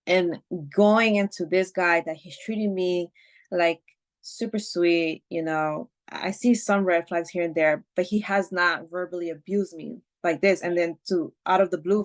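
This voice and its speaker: A woman, a podcast guest, telling a personal story in casual chat, swearing freely and filling her talk with "like" and "you know". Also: fairly low pitch. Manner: emotional retelling, swears freely, many fillers.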